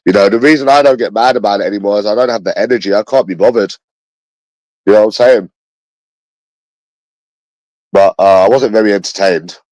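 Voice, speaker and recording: Low-voiced bitter London man ranting. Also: fairly quick, pauses often, a little mellow, no echo, low-quality recording. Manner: bitter, repetitive, swears often. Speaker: livestreamer talking to his chat. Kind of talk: rambling livestream monologue.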